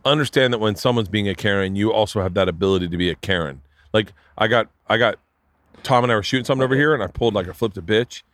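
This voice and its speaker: A middle-aged man with a fairly low voice talks fast on a dry, echo-free podcast recording. He's a podcast host and comedian, spinning rambling, profane stories in a casual chat and acting out the people he quotes with real animation.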